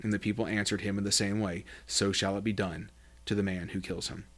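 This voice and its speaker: Reading scripture on his Bible study podcast, this man delivers flatly, fairly quickly, with a fairly bright tone. When he voices quoted lines, though, his pitch leaps dramatically as he acts them out between explanations.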